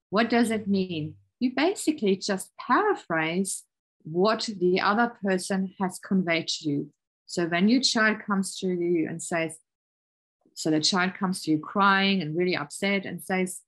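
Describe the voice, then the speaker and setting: A middle-aged woman giving a parenting webinar over a video call, calm and encouraging, explaining with everyday examples. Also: lowish voice, poor audio. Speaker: parenting workshop presenter. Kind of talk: webinar presentation.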